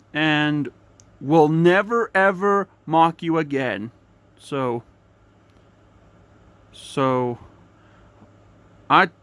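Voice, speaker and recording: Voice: medium pitch, clear, resonant tone, voice pushed down, lightly acted. A young fan performer voicing an eager, apologetic sea sponge hero in a homemade cartoon, rambling and restarting often. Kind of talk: fan-made cartoon voice acting.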